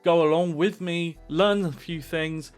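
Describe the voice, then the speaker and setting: A man giving streaming advice straight to camera with pumped-up, animated energy. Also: fairly high pitch, a little slow, smooth, soft background music.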